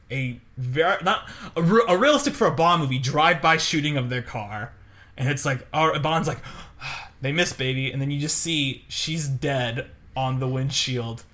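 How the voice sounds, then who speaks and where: Podcast co-host, male, tense and bright tone, casual and animated, lots of fillers. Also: a little high, moderate pace. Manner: rambling, animated storytelling with many fillers and laughs. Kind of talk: casual chat.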